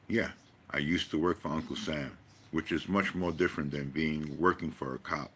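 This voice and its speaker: A man's voice: extremely low pitch, steady tone, moderate pace, a bit bright, slightly rough. A man giving a rambling personal monologue, emphatic and profane, full of rhetorical questions. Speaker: vlogger.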